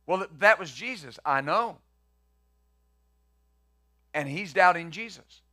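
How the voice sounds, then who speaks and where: A man's voice: high voice, expressive, slow pace, bright, forceful tone. A male pastor preaching a conversational sermon, acting out the quotes he reads and the questions he poses.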